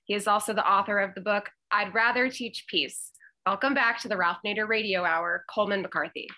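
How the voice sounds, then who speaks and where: Woman reading a bright guest intro. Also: medium pitch, fairly quick. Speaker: radio co-host.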